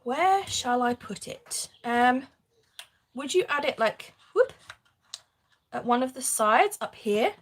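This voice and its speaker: A woman hosts a live crafting stream, chatting casually as she works. Her voice sits a little high, and she laughs often while reading out and answering comments from viewers. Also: animated, slow pace, long pauses, slight background noise.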